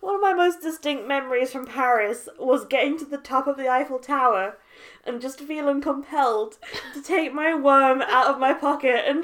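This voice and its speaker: A woman with a bright, fairly high voice in relaxed conversation with a co-host. She tells lively stories and laughs often. She sounds playful and at ease. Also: moderate pace. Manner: animated, laughing storyteller. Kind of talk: casual chat.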